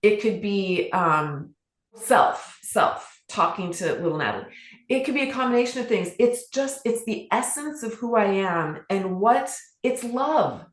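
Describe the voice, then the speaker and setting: A woman's voice: medium pitch, animated, measured pace. A middle-aged woman and author, telling personal stories as a podcast guest in an earnest, heartfelt way, often restarting her sentences. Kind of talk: candid personal storytelling. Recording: roomy echo.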